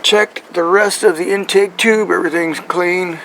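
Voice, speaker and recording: Gravelly man explaining his truck engine. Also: sits high, fairly even intonation, a little slow, fairly bright tone, slight background noise, rough recording. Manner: rambling, checks in with "right?" and "okay?". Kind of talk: casual how-to explanation.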